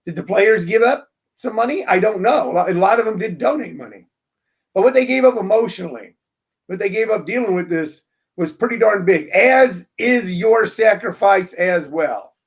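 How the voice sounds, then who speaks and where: A man hosting his own show, talking through a casual monologue in an animated, emphatic way, ranting with playful jabs. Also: high-pitched, moderate pace. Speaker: show host.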